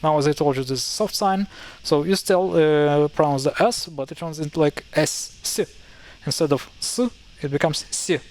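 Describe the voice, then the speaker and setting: Ukrainian-accented male tutor, slightly high voice, hesitant, self-correcting, casual. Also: a little mellow, low-quality recording. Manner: halting, self-correcting, thinks aloud. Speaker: language teacher. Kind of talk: casual explainer.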